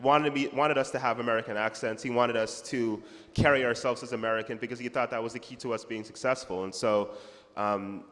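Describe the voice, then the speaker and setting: A man's voice: medium pitch, fairly quick, in a large hall. A man talking as an author guest in a festival panel conversation, reflective and easygoing. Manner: reflective, animated when retelling memories. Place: festival hall.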